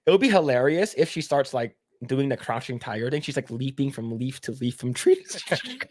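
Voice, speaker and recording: A man's voice: medium pitch, very animated, moderate pace. A man hosting a casual podcast, reading chat comments aloud and rambling with frequent swearing and laughter. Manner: rambling, profane, laughs often.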